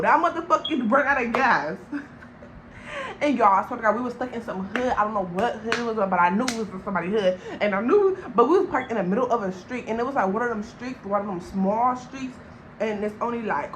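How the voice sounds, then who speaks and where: A young woman from Long Beach, telling a storytime vlog in an animated, slangy way and talking straight to viewers. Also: mid-range voice, background noise. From Long Beach, California. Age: young adult. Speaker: vlogger.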